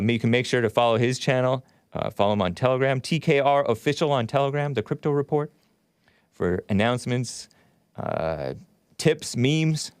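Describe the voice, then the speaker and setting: A man's voice: medium pitch, clear, resonant tone, no room sound, studio quality. A man hosting a livestream show, talking casually and rambling, often spelling names out letter by letter. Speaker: show host.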